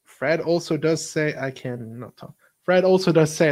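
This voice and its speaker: Higher-voiced joking male podcast host. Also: normal speed, a little mellow. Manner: playful, jokey. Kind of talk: casual watch-along chat.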